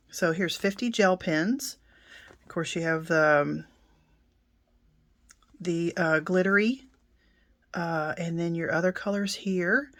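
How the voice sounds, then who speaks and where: Casual middle-aged woman, lower-pitched and slow, chatty craft reviewer. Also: no room sound. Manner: chatty, many ums, soft asides. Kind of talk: casual unboxing demo.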